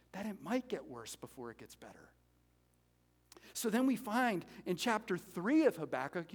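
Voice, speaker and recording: A man preaching a sermon as pastor, animated and conversational, joking with the congregation between points. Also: high-pitched, slightly rough. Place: church sanctuary. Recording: reverberant hall.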